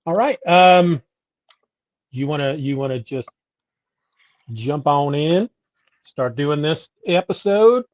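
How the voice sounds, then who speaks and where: A man's voice: on the high side, takes it slowly, long pauses, no echo, highs cut off. A man hosting a podcast in casual chat, easygoing, with loose fillers. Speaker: podcast host.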